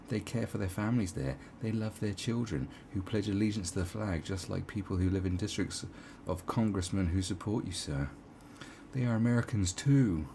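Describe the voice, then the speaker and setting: A man's voice: on the low side, slight background noise. A man giving sarcastic, profane commentary as he reads an article aloud, with mocking asides. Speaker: online commentator.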